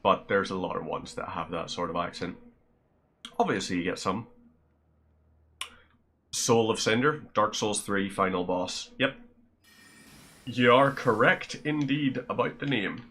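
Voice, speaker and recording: A man's voice: fairly low pitch, lively intonation, a little slow, long pauses, a bit bright, a little hiss or hum. A man with a Northern Irish accent chatting casually to his viewers while streaming a game, rambling and friendly. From Northern Ireland.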